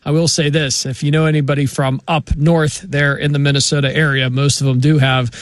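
A man hosting a sports radio show, wrapping up in a steady, measured way with small pauses. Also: a little high, no echo. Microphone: studio mic.

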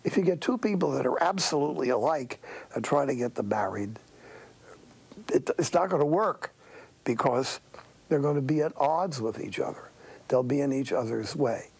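A man's voice: medium pitch, expressive, moderate pace, gravelly, a little mellow, breathy edge, rough recording. An older man, a priest, giving a sermon-like talk with folksy, wry storytelling.

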